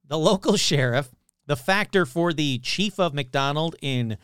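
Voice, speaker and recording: A man's voice: a little high, animated, measured pace, clear, resonant tone, no echo, clean studio sound. A man hosting a podcast, retelling an old story in a casual, sarcastic and profane way. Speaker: podcast host.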